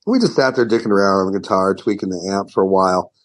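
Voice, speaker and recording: A man's voice: deep voice, fast talker. A middle-aged man, a guest guitarist, telling a story in a rambling, profane way full of restarts. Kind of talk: casual storytelling interview.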